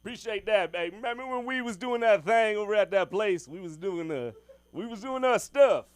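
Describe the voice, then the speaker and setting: A man doing an impression of his forgetful dad, loud and drawling, trailing off mid-thought. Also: sits high, animated, fairly quick, clear, resonant tone, pitched above the performer's own voice. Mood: rambling.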